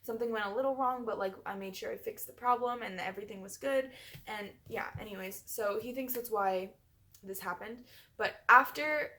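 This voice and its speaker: A woman's voice: mid-range voice, fairly bright tone. Chatty young woman telling a story. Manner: chatty, many fillers. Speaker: vlogger. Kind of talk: storytime vlog.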